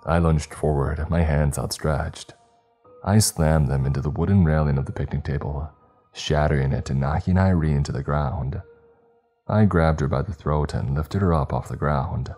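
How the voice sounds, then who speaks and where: A man narrating a horror story in a grim, even, scripted manner. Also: very deep voice, moderate pace. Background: faint background music.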